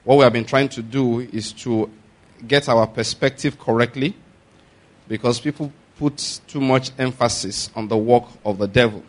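A man's voice: mid-range voice, normal speed. A Nigerian man preaching, who talks in a loose, conversational way with restarts and asides. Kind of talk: sermon.

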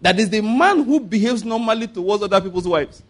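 Male preacher, high voice, lively sermon delivery with playful acted-out quotes. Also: fairly quick. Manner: lively, laughing often, acts out quoted voices.

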